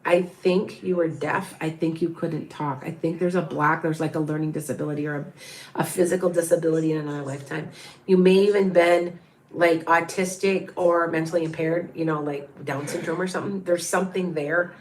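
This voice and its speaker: A middle-aged woman reads for a live stream audience in a low, darkish voice with fairly even intonation, moving fairly quickly. Thinking aloud, she rambles and repeats herself, calls out viewer names, and counts under her breath.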